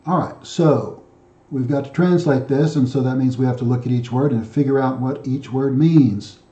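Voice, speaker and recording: Guy walking through greek grammar slowly, super dark mellow voice, echoey dull room sound. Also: mid-range voice. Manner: methodical, repeats himself with frequent fillers and restarts. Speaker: Greek teacher. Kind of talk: explaining grammar exercises.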